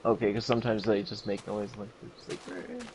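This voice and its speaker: A man's voice: fairly low pitch, little pitch movement, quick pace, darkish tone, slight background noise. A man chatting casually with a friend on a gaming stream, making brief joking remarks. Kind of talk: casual chat.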